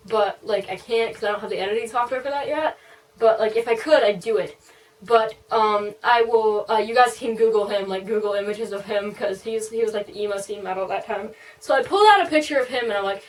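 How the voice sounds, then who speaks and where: A woman's voice: on the high side, a little fast, distant mic, rough recording. A young adult woman telling a casual storytime, rambling with lots of "like" and "um". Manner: rambling, full of "like" and "um". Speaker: vlogger.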